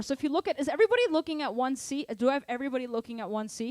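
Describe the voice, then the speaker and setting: A woman teaching a drum lesson, energetic, counting beats aloud and asking her students to stay engaged. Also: on the high side, rapid-fire, hardly any pauses, dry recording, clean studio sound. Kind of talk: live online drum lesson. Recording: drum kit playing behind. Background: drum kit.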